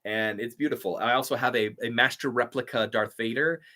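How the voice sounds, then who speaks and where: A man who does voiceover work hosts a relaxed live stream and answers comments one after another. He sounds eager and thankful. His voice has a bright, forceful edge and sits in an average pitch range. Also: brisk. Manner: enthusiastic, chatty, grateful. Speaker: voiceover artist and YouTuber.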